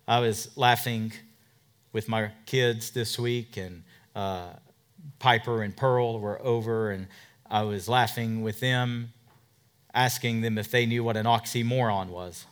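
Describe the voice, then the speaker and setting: A man pastor preaching a sermon, emphatic, swinging from loud declarations to hushed asides and asking rhetorical questions. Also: medium pitch, steady tone, a little slow, clear, resonant tone. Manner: asks the congregation rhetorical questions.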